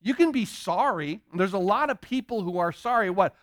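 A male pastor preaching a sermon, animated, asking the listeners rhetorical questions and acting out quoted pleas. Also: high-pitched, moderate pace, hardly any pauses, no echo, studio quality.

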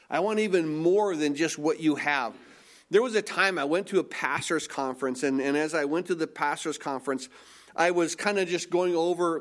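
Male pastor, sermon delivery, emphatic and earnest, slightly high voice, repeats phrases. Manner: earnest, emphatic preaching with rhetorical questions and repetitions.

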